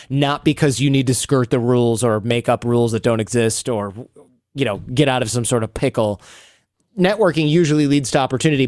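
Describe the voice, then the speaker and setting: A man guesting on a podcast, telling stories in an animated way and acting out the people he quotes. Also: mid-range voice, no room sound, clean studio sound. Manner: animated, acts out quoted people in raised voices. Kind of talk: storytelling interview talk.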